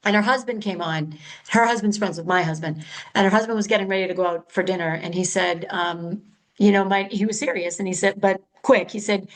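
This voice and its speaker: Talking a little fast at medium pitch, a middle-aged woman runs her own podcast in a candid, chatty, somewhat frenetic way, constantly self-correcting in casual solo talk. The audio is poor.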